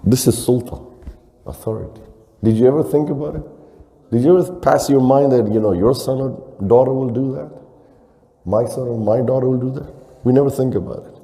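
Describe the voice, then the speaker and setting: A man's voice: medium pitch, a little fast, mellow. A man with a preaching a sermon as imam, mixing in phrases, asking rhetorical questions and acting out quotes. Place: mosque hall. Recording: long hall reverb.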